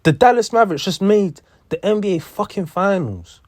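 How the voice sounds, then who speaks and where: A man's voice: sits high, lively intonation, normal speed, no room sound, clean studio sound. A young man, ranting in heated sports commentary, repeating himself and swearing. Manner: heated, repetitive, profane.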